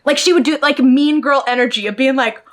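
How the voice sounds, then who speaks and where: A woman with a high, bright voice tells a personal story straight to her viewers. She sounds animated and exasperated, and she laughs often. Her tone stays casual and heated throughout. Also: fairly quick. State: emotionally worked up. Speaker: storytime vlogger.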